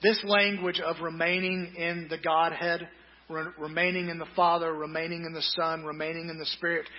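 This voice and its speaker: A male pastor preaching a sermon, reading scripture slowly and deliberately with quick joking asides. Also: on the high side, dull audio.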